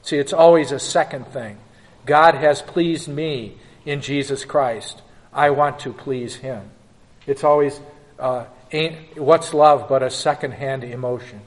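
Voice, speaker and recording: A man's voice: mid-range voice, unhurried, long reverb tail. A male pastor answering questions in a church class, emphatic and joking.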